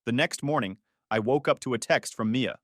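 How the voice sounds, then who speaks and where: A man's voice: medium pitch, normal speed, a bit bright, no room sound, studio quality. A man narrating a first-person story in a tense, dramatic way.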